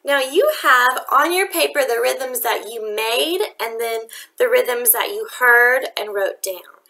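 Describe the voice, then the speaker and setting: A woman teaches a rhythm lesson to young students at home, speaking slowly and patiently. Her voice is bright and a little high, and she breaks into sing-song when she demonstrates the beats. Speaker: music teacher. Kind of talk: remote music lesson for children.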